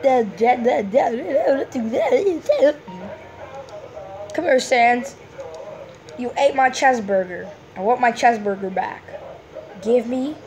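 A woman giving casual, excitable gameplay commentary, full of playful hums and sing-song noises. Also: medium pitch, a little hiss or hum. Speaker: gameplay streamer.

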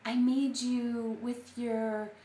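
A woman speaking as a gentle, loving male God, with a soft, pleading manner that drifts into whispers. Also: a little high, level tone, extremely slow, echoey room, slight background noise, voice pushed up. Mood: tender.

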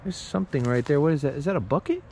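Excitable male vlogger poking around outdoors; jumpy, jokey, swears a lot, lively pitch. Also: racing, slight background noise. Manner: excitable, joking, swearing, easily startled. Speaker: urban explorer vlogger. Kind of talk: excitable outdoor exploration vlog. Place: outdoors, roadside ditch and bushes.

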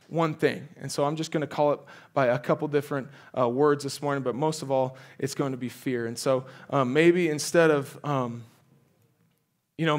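A young man preaching as a guest speaker, telling a personal story in a loose, animated way with lots of fillers and restarts. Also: mid-range voice.

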